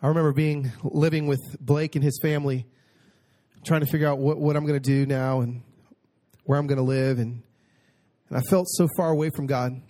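A man preaching a personal testimony, moving between hushed storytelling and excited exclamation and reading scripture slowly and emphatically. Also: medium pitch. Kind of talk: sermon testimony.

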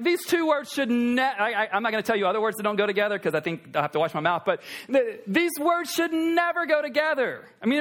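A man preaching a sermon, conversational and animated, with asides to the congregation. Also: high-pitched. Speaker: pastor.

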